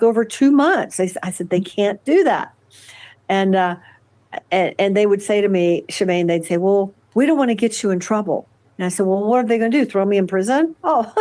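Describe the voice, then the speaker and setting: An older woman answering interview questions at length, halting often with fillers and restarts. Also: medium pitch, mellow. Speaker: interview guest. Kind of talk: conversational interview.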